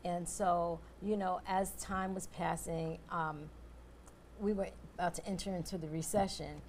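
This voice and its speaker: A woman's voice: fairly low pitch, steady tone, unhurried, a little mellow, a little hiss or hum. A woman guest speaking in an interview, emotional and grateful, often stopping to restart her sentences. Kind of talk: earnest interview talk.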